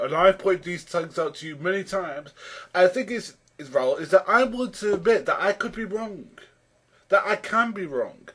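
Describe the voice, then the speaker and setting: A YouTube commentator rebuts a video in a voice that runs high and a little bright. He sounds exasperated, repeatedly addressing his opponent by name and restarting sentences as he builds each argument.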